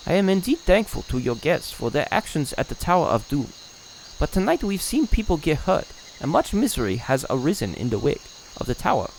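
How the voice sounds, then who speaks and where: Brief: man playing an old elder in a game, solemn, formal, lowered voice. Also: a little mellow, slight background noise, lightly acted, poor audio. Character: stern old male village elder.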